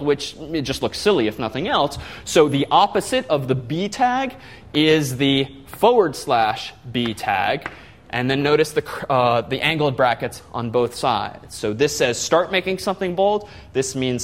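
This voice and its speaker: A man's voice: a little high, animated, normal speed. A man giving a classroom lecture, explaining step by step and putting questions to the class.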